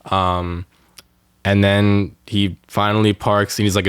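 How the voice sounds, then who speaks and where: A man's voice: lowish voice, little pitch movement, takes it slowly, smooth, no room sound, clean studio sound. A young man, a podcast co-host, ranting in casual chat with lots of swearing and filler words. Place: Los Angeles area.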